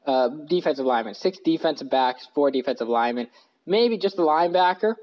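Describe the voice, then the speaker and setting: A man's voice: fairly high pitch, lively intonation, brisk. Rambling man on a lo-fi podcast. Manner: rambling, self-correcting, with many fillers. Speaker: podcast host. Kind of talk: casual sports podcast talk. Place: living room couch.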